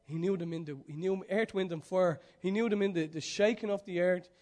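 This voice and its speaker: A man preaching a sermon, swinging between loud urging and hushed, almost whispered passages. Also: sits high, a little fast.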